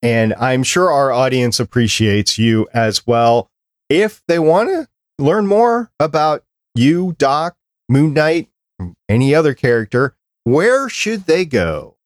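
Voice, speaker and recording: A man's voice: mid-range voice, expressive, slow pace, no room sound, studio quality. A man hosting a casual fan podcast, chatting with enthusiasm and wrapping up the show. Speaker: podcast host.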